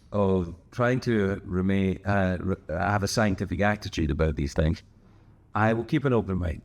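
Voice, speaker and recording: Low-voiced man in rambling casual chat. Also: darkish tone. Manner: rambling and digressive, wry asides. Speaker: podcast host.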